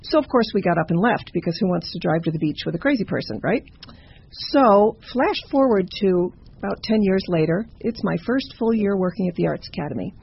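A woman tells a campfire ghost story in a chatty, conversational way, with stumbling asides. Her voice is gravelly and slightly husky. The recording sounds dull and muffled. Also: mid-range voice, lively intonation, brisk.

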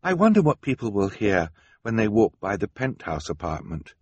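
A man's voice: lowish voice, very animated, moderate pace, slightly rough, no echo. A man voicing a resourceful teenage girl inventor, the eldest sister, earnest, practical and encouraging.

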